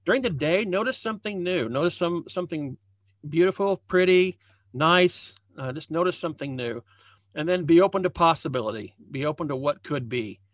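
A man's voice: on the high side, animated, a little fast, dry recording. A man, a leadership coach, giving a motivational talk over a video call. He speaks conversationally from a home room, repeating phrases and restarting often. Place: home room with a banner hung as backdrop.

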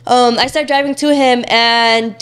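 A young woman in her twenties telling a personal story in casual chat, talking quickly and filling it with "like" and swearing. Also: a little high, steady tone, a bit bright, smooth. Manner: fast chatty, heavy use of "like", swearing. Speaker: guest.

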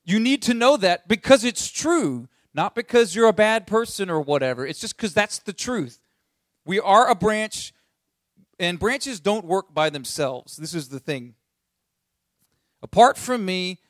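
A man's voice: on the high side, dry recording, clean studio sound. A man preaching a conversational sermon, reading scripture aloud and repeating key lines for emphasis.

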